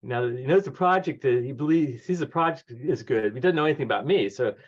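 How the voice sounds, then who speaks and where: Man, 60s, animated guest storyteller who mimics the people he quotes; average pitch, dull lo-fi sound. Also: a little fast. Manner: lively anecdotes, acts out quoted voices, laughs often. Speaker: guest author. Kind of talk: conversational storytelling. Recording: dull lo-fi audio.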